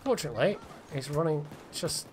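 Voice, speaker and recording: Man, gameplay streamer, lively sing-song delivery, chatty, swears, laughs, game noise loud behind. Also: a little high, a little fast. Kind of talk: live gameplay commentary. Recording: noisy game audio behind.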